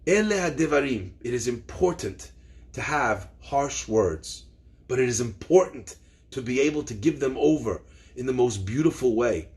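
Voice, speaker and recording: A man's voice: mid-range voice, expressive, moderate pace, darkish tone. A man giving an earnest, emphatic storytelling sermon as a Torah lecturer.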